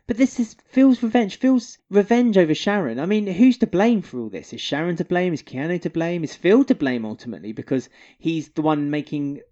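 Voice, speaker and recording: Lively podcast co-host, lo-fi sound. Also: mid-range voice, fairly quick, few pauses. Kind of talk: casual chat.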